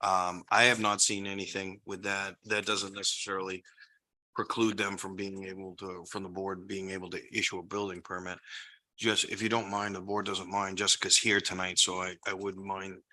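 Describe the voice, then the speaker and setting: Deep, sharp-toned man at a meeting. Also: little pitch movement, normal speed. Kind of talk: town board meeting.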